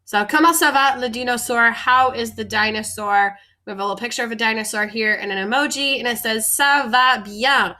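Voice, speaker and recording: Woman teacher, bright, slightly high voice, patient explainer who recaps often. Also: steady tone, brisk, hardly any pauses. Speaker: French teacher. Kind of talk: classroom vocabulary lesson.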